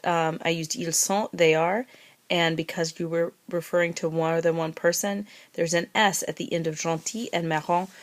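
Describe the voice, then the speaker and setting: A woman teaching a recorded language lesson, who says phrases slowly, repeats them and spells words letter by letter. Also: fairly low pitch. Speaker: French teacher.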